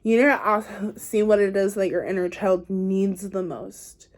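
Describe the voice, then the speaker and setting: Tarot reader, woman, warm low-key tone, chatty and reassuring, addresses the viewer directly. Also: steady tone, a little slow. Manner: chatty, encouraging, talks straight to the viewer; loose and playful, says "like" and "y'all". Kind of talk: casual spiritual card reading to camera.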